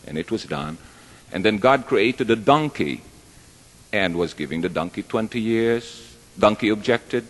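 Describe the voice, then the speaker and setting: This stage performer has a deep voice and takes his time, delivering live stand-up to an audience in a big hall. His jokes wander in a chatty way, and he makes himself the target. A long reverb from the hall hangs on the sound.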